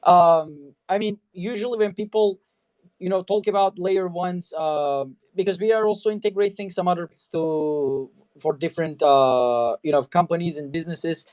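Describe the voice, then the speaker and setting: A man hosting a relaxed talk show, his voice sitting a little higher than most men's. He rambles easily from thought to thought, padding every sentence with casual fillers. The sound is close and dry, with no room around it. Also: normal speed, dry recording. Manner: loose and chatty, leaning heavily on "you know" and "I mean". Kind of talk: casual interview chat.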